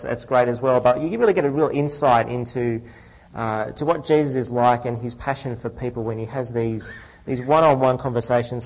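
A man preaching a sermon in a relaxed, conversational way, leading a prayer and explaining a Bible passage. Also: medium pitch, poor audio. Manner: conversational, frequent fillers and restarts.

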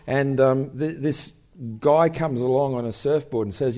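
An older man speaking as a guest in an on-stage interview, telling stories in an animated way. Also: medium pitch, moderate pace. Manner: animated storyteller, acts out voices in anecdotes.

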